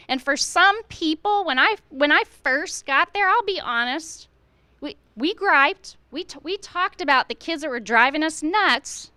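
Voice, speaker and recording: A woman's voice: very high-pitched, bright, forceful tone, no echo. A middle-aged woman, a school administrator, speaking earnestly to fellow educators at a staff meeting, firing off rhetorical questions and acting out how teachers should talk to students.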